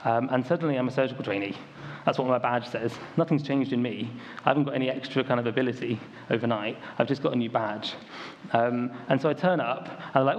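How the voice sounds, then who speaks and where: Fast and with few pauses, a young British man preaches in a mid-range voice. He tells stories to his congregation in a relaxed, conversational sermon laced with "um" and "like." The audio is dull lo-fi with faint ambient noise.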